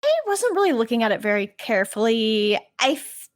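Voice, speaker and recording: A woman co-hosting a podcast, chatting casually with lively storytelling, laughter and swearing. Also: fairly high pitch, a little fast, no echo, studio quality. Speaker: podcast co-host. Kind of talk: casual chat.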